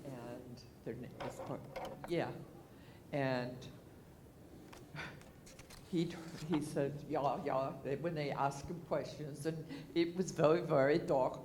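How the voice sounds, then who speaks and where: A man in the class telling a family anecdote, halting and searching for words. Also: a little high, steady tone, background noise. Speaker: class participant.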